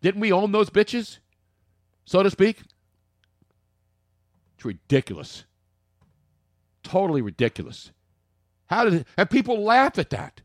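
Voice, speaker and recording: A man's voice: high-pitched, sing-song, a little slow, pauses often, no room sound. Opinionated joking male podcast host, dry close mic. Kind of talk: casual sports chat.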